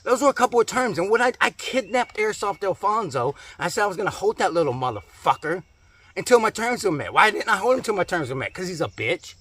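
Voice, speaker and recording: High, sharp-voiced man ranting furiously. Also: expressive, fast talker, breathy edge. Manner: angry, profane, swearing constantly, repeating himself. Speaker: comedic ranting character. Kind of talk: profane comedic rant to camera.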